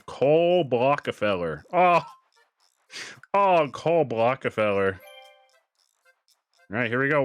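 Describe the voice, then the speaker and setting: Man, game streamer, casual play-by-play, jokey, lively pitch, faint music under the voice. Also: measured pace, pauses often. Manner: animated, jokey, reads game text aloud. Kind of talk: casual gameplay commentary.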